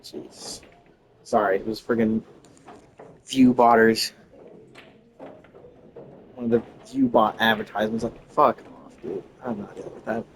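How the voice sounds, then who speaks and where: A man's voice: lowish voice, steady tone, a little slow, pauses often, slight background noise. A young man streaming a game, reading its dialogue aloud and breaking off into profane, laughing reactions. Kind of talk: live gameplay commentary, reading game text aloud.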